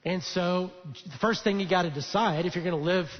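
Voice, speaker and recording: High-voiced pastor in an echoing hall. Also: male voice, normal speed. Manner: conversational storytelling with frequent fillers. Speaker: lead pastor. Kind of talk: sermon. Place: church auditorium. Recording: dull echoey church hall.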